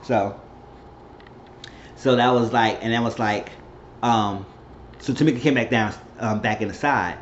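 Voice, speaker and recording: Guy doing a chatty tv recap, mid pitch, kinda dull lo-fi sound w faint hiss. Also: steady tone, a little slow, pauses often. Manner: rambling storyteller, acts out quotes. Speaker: reality TV recap host. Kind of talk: casual recap vlog. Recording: slightly dull lo-fi audio.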